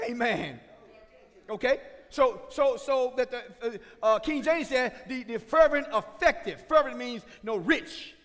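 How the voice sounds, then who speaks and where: A man preaching a sermon as pastor, swinging from shouted points to chatty asides with the congregation. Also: very high-pitched. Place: church sanctuary. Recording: reverberant church sanctuary.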